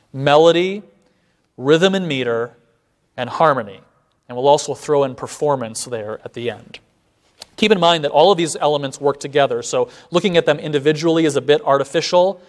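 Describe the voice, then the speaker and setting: A man giving a classroom lecture, measured and explanatory, often checking in with a rhetorical "right?". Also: on the high side.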